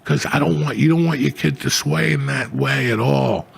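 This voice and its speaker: Gravelly, profane middle-aged man. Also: medium pitch, normal speed. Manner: profane, rambling, animated. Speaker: podcast host. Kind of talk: crude casual storytelling.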